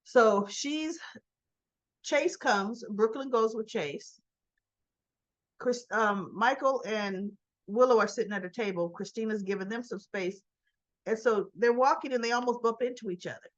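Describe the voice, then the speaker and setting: A woman chats her way through a soap opera recap, slipping into the characters' lines as she retells each scene. Her voice sits a little high. The recording is dull and lo-fi, like a home setup. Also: a little slow. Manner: animated retelling, acts out characters' lines, laughs often. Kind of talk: casual episode recap.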